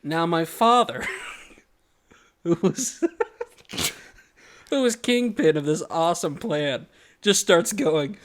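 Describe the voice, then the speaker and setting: A man co-hosting a casual podcast, telling a family story in a lively way and laughing as he goes. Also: fairly high pitch, takes it slowly, pauses often. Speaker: podcast co-host. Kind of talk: casual chat.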